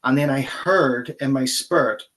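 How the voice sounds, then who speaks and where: A man's voice: mid-range voice, unhurried, fairly bright tone. A middle-aged man, a pastor earnestly and vividly recounting a personal experience as an interview guest.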